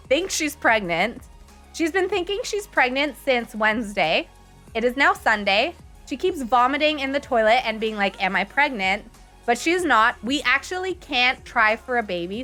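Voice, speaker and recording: Bright, bubbly young woman streamer. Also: a little high. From grew up bilingual in French and English. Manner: bubbly, giggly, chatty with viewers. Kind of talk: casual live-stream chat over gameplay.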